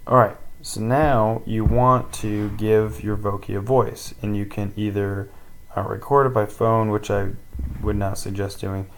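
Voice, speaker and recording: A man teaching a casual screen-recorded tutorial, rambling with many pauses and ums. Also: on the low side, little pitch movement, rough recording.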